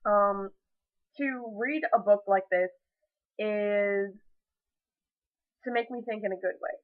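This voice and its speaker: A woman's voice: mid-range voice, slow pace. Emotional young woman vlogging, tinny audio. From United States. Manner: emotional, rambling, many fillers and restarts. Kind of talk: casual reflective vlog. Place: at home, indoors.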